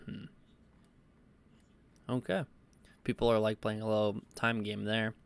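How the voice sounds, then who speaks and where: A man giving reaction commentary and reading viewer comments, halting often with fillers and stuttered restarts. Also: lowish voice, flat delivery, vocal fry, smooth. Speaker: commentary YouTuber.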